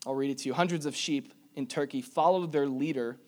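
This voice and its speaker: A man preaching a sermon in an animated way, with jokey asides and emphatic repetitions. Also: mid-range voice, a little fast. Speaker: pastor.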